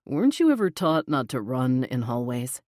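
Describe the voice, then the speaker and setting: Deep amused male boss, low and teasing, audiobook romance lead, voiced by a woman narrator, dry close sound. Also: very animated, moderate pace, darkish tone, dry recording. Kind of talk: audiobook character voice.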